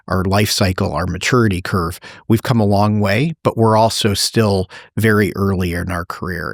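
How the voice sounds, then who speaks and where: A man speaks as a guest executive. He answers in a measured, articulate way, laying out points one by one. The recording is close and dry, with no room sound. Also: fairly low pitch, no echo. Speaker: healthcare company executive, guest. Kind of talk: interview answers.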